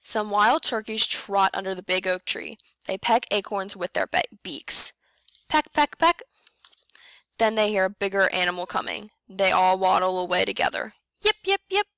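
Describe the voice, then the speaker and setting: A woman reads a children's picture book aloud in a bright, crisp voice. She takes her time, speaks each word clearly and jumps up in pitch to play the squeaks and growls of the animals. The sound is dry and close. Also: flat delivery, normal speed, hardly any pauses, no room sound. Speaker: first grade teacher reading aloud.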